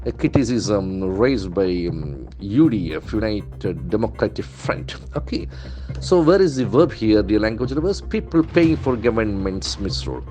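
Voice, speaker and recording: A male English trainer, not a native speaker, teaching pronunciation in a lesson, repeating words slowly and stressing their syllables. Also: fairly low pitch, very animated, mellow, soft background music. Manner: stock phrases "okay, see", "very interesting".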